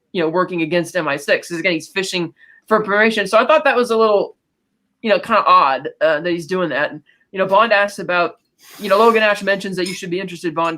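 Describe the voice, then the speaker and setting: A man with a notably high voice chats casually on a podcast. He retells movie scenes in a loose, rambling way, full of filler words. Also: sharp tone, low-quality recording. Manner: retells scenes quickly with many "you know" fillers. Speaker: podcast co-host. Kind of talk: casual film recap chat.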